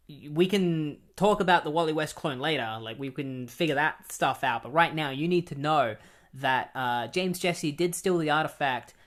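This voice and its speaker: A man's voice: medium pitch, fairly bright tone. A man talking through a comic book plot in a loose, casual way. He rambles, stops often on fillers and restarts his sentences as he goes. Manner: rambling, many ums and likes. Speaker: comic book retrospective host.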